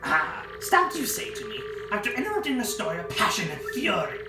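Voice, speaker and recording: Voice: mid-range voice, huge pitch swings, brisk, echoey room, recorded from a distance, music in the background, pitched above the performer's own voice. A player voicing a pompous, bossy male ship owner who talks grandly and theatrically. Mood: haughty. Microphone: phone.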